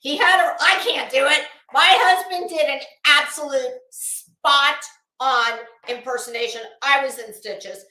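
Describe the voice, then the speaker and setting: A woman's voice: high-pitched, a little slow, sharp tone, reverberant. A woman hosting a casual live stream, greeting viewers by name and swearing freely. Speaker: livestream host.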